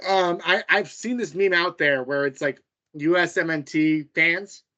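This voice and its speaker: A man's voice: a little high, measured pace, bright, forceful tone. A man from the United States co-hosting a podcast, ranting heatedly and with lots of swearing in casual sports chat. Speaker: podcast co-host.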